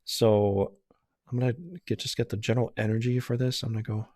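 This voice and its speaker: A man's voice: lowish voice, flat delivery, fairly quick, a little mellow, no room sound, studio quality. A man doing a casual tarot reading who rambles, talks himself in circles and gets easily flustered. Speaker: tarot reader.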